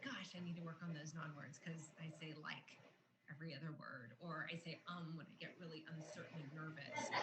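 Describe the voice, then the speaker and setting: Woman trainer, conversational explainer; roomy recording with steady background noise. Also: medium pitch. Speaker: communication trainer. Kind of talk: online training lesson.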